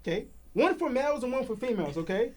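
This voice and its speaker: A man's voice: very high-pitched, lively intonation, fast, a crowd in the background. A man in casual chat, complaining with exasperation and emphatic repeats.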